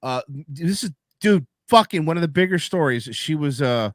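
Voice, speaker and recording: A man hosting a podcast in casual chat, animated and mocking, swearing often. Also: on the high side, moderate pace, no room sound, clean studio sound. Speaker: podcast host.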